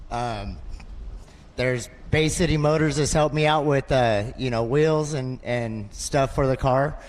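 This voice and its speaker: A man's voice: medium pitch, measured pace, long reverb tail. A man who is a race car driver, talking casually and jokingly in a post-race interview. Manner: casual, joking, laughs easily. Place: outdoors at a race track.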